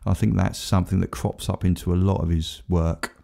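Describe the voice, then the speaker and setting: A man's voice: sits low, flat delivery, fairly quick, gravelly, mellow. A man co-hosting a casual chat, rambling and self-mocking with frequent laughs. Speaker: podcast co-host.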